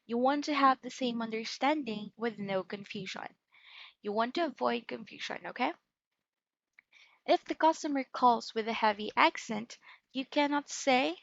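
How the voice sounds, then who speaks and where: A higher-pitched woman teaching customer service. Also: normal speed, vocal fry, no echo, muffled recording. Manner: repeatedly checks in with "right?" and "okay?". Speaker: call center trainer. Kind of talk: online training lesson.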